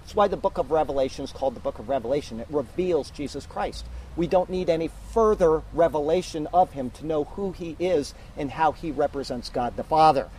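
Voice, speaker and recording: A man's voice: a little high, a little fast, few pauses, a little mellow, a little hiss or hum, poor audio. A man preaching an emphatic sermon, teaching verse by verse to his congregation. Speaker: pastor.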